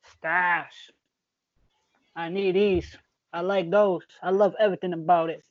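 A man's voice: sits high, steady tone, unhurried, no echo, narrow, tinny audio. A man co-hosting a casual sneaker chat, emphatic and slangy. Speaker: co-host.

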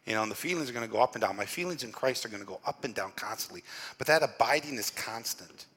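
A man's voice: mid-range voice, animated, quick pace, bright, forceful tone, husky, big-room sound. A male pastor giving a conversational sermon in church, often repeating words and dropping in "you know". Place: church during a worship service.

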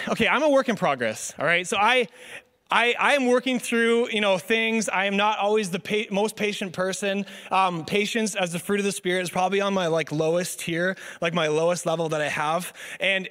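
A young man preaching a casual sermon as a pastor, joking and telling stories with lots of fillers. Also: high voice. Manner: joking, animated storytelling with many fillers. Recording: long hall reverb.

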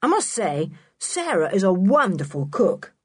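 A woman's voice: mid-range voice, big pitch swings, unhurried, breathy edge, dry recording, clean studio sound. A woman reading a storybook, voicing a polite, sensible older boy who talks cheerfully.

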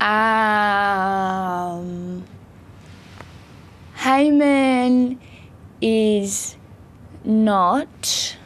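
A woman's voice: medium pitch, steady tone, extremely slow, long pauses, a little hiss or hum. A woman making short, hesitant teasing remarks about a friend. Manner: hesitant, drawn out.

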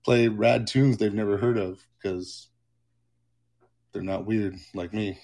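A man hosting a livestream, chatting casually in a rambling, excitable way and swearing freely. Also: lowish voice, takes it slowly, creaky. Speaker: livestream host.

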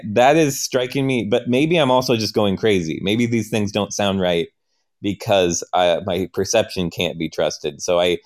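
Man with a lowish voice, improv player, hesitant, self-narrating. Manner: halting, questioning, self-narrating. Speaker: player in an improvised story game. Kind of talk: improvised role-play.

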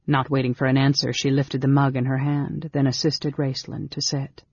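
An audiobook narrator reading a fantasy story in a steady, measured way. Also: mid-range voice, husky, no echo, muffled recording. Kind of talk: scripted narration.

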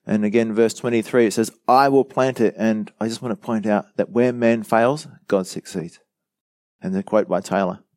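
A man's voice: lowish voice, fairly even intonation, moderate pace, a little mellow, no room sound. A man preaching a Bible teaching sermon, earnestly explaining verses, quoting commentators and asking the listeners questions. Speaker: pastor.

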